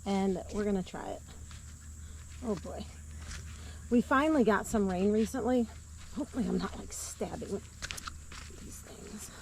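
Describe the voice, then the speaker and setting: A woman vlogging casually while digging in her garden outdoors, chatty and quick to laugh. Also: medium pitch. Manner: chatty and easily delighted, laughs often. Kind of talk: casual chat while working. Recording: outdoor recording with clear background noise.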